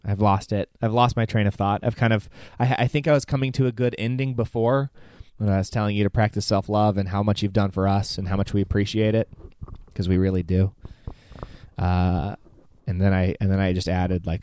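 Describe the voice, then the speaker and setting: A young man in his twenties giving a halting, heartfelt message to his father, near tears and cursing casually. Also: on the low side, steady tone, a little mellow, smooth, no room sound, studio quality. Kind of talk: personal spoken message.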